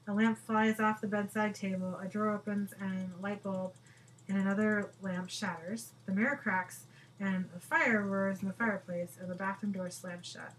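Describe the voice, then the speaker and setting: Woman narrating TV scenes briskly. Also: medium pitch, flat delivery, slight background noise, rough recording. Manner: brisk, matter-of-fact, breaks into laughs. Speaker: podcast host describing a TV episode. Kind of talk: reading out scene description and dialogue.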